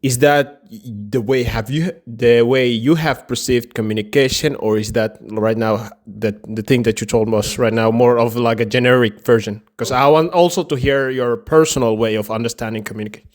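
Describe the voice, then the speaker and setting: A man with a middling voice puts questions to his co-host in a relaxed podcast chat. He gropes for words, leaning on fillers and restarts. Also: mid-range voice, moderate pace, few pauses. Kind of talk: casual chat.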